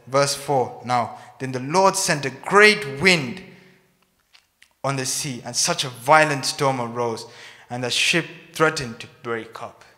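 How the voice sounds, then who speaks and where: Male preacher, animated storytelling sermon, bright forceful tone, long hall reverb. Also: mid-range voice, slow pace. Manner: storytelling, moving between loud and soft. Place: rented hall, live service.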